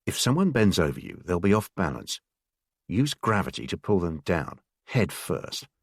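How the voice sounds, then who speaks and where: Man voicing frail male combat instructor, quiet, polite, instructive, low voice. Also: very animated, normal speed, no echo, studio quality, full character voice. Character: frail, sickly-looking male combat trainer, calm.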